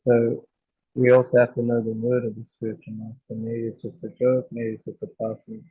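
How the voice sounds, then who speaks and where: A man's voice: mid-range voice, completely flat delivery, fairly quick, husky, no echo. A man from Australia sharing a story in a casual class discussion, rambling loosely with lots of filler words. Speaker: devotee sharing experience. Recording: slightly dull lo-fi audio.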